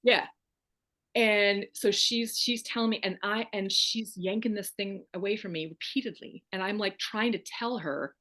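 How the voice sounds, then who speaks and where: A woman's voice: medium pitch, normal speed, a bit bright. A woman guest on a podcast, telling her own story in an emphatic, wry, candid way. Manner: emphatic, wry, acts out quoted voices.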